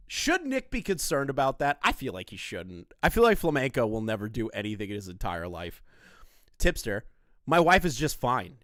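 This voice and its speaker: A man's voice: fairly high pitch, fairly bright tone, dry recording, studio quality. A man doing casual live-stream commentary on online drama, crude, profane and mocking in his delivery.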